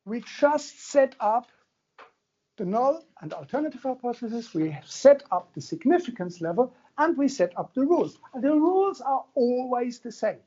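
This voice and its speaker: A man's voice: extremely high pitch, sing-song, moderate pace, dark tone, slightly rough, dull audio. A man giving a university lecture in a conversational, joking way, often checking in with his listeners. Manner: conversational, jokey, checks in with the audience. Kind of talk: classroom lecture.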